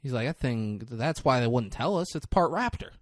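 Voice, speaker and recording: A man's voice: mid-range voice, normal speed, no room sound, studio quality. A young man co-hosting a podcast, recapping a movie in casual chat, acting out lines with lots of swearing and laughter. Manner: animated storytelling, acts out lines, swears, laughs. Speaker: podcast co-host.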